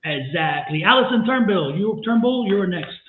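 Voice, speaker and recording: A fairly high-voiced man gives tarot readings on a live stream, coaxing and exclaiming as he repeats his points. His voice comes through a thin, phone-like line from an echoey room. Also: normal speed, slight background noise. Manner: energetic, exclamatory, coaxing and repetitive. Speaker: tarot reader and co-host.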